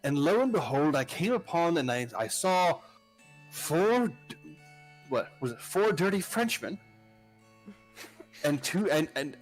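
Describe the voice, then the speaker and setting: A man's voice: fairly high pitch, exaggerated voice, poor audio. A man playing a bumbling archduke who rambles with constant ums and restarts in an improvised tall tale. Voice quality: halting, full of ums and restarts.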